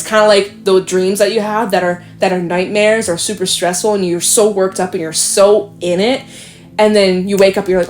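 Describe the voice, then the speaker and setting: A young woman gives a casual tarot reading, wandering off on tangents and swearing freely. Her voice sits at a middle pitch, and soft music plays faintly underneath. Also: moderate pace. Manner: rambling, chatty, swears and laughs often. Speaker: tarot reader.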